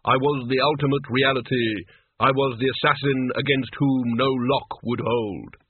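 A man voicing a solemn, ancient male grim reaper who speaks slowly, on a tinny, dry recording. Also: mid-range voice, fairly even intonation, slightly rough, no room sound, lightly acted. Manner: slow and solemn.

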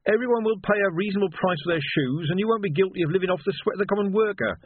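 A man's voice: high-pitched, very fast, a little hiss or hum, pitched above the performer's own voice, lightly acted. A man playing an earnest, fussy male revolutionary organizer who lectures in a flustered way. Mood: earnest, lecturing. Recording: narrow phone-like sound.

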